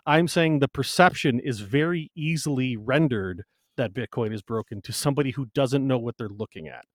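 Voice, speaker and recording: A man's voice: medium pitch, moderate pace, no echo, studio quality. A man co-hosting a podcast in casual chat, emphatic and swearing freely. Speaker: podcast co-host.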